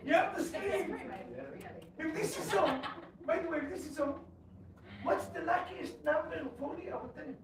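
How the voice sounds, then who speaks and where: A man's voice: extremely high pitch, brisk. Man teaching a class in an echoey hall. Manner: quizzes the audience, lively storytelling. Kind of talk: Torah class lecture. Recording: echoey room, distant mic, background noise.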